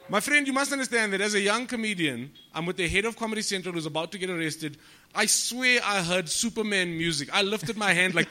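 A man, a comedian guest, telling stories on a podcast in an animated way, swearing freely and acting out the people he quotes. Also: high voice, a little fast. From South Africa. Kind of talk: storytelling podcast chat.

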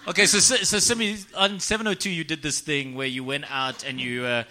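A man's voice: a little high, fairly even intonation, a little fast, bright, forceful tone, a little hiss or hum. A man, a podcast host teasing his guest in casual, playful chat. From South Africa.

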